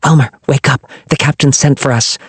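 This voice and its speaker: A man reading aloud and voicing a nervous young orphan girl with a hesitant, squeaky manner. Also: fairly even intonation, fairly quick, husky, no echo.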